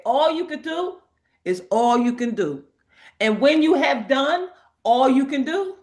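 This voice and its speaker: Animated laughing woman host. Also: fairly high pitch. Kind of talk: spiritual talk and card reading.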